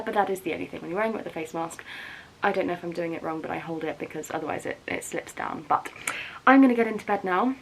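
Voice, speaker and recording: A woman's voice: medium pitch, slight background noise, poor audio. A woman chatting bubbly and rambling in a casual vlog, filming herself on a handheld phone. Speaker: equestrian vlogger.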